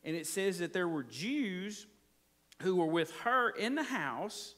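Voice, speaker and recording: Man, pastor, casual folksy sermon, high voice, very animated pitch. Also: takes it slowly. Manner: folksy, repeatedly checks in with the congregation. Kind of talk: conversational sermon.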